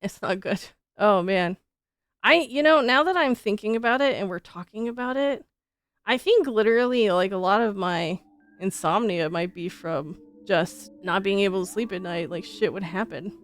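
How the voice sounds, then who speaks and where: A woman's voice: medium pitch, normal speed, dry recording. A woman streamer chatting casually with her viewers, rambling and laughing often, with frequent casual swearing.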